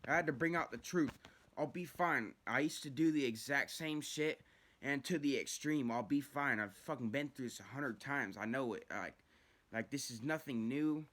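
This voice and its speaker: A man's voice: mid-range voice, moderate pace. A young man telling a rambling, profane story about his own past in a casual vlog. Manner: profane, rambling, animated retelling.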